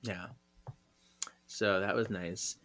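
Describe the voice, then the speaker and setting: A man co-hosting a podcast, recapping a story in casual chat, giggling often and acting out the characters' lines in quick high voices. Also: steady tone, a bit bright. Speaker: podcast co-host.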